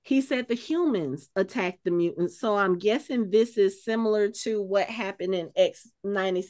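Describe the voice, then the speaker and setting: A woman's voice: mid-range voice, moderate pace, a little mellow. A woman co-hosting a podcast in casual chat, thinking aloud with many filler words and restarts. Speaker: podcast co-host.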